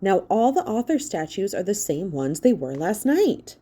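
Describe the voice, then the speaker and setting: A woman's voice: medium pitch, big pitch swings, moderate pace, mellow. A woman voicing an eager, bookish girl who talks enthusiastically for an audiobook.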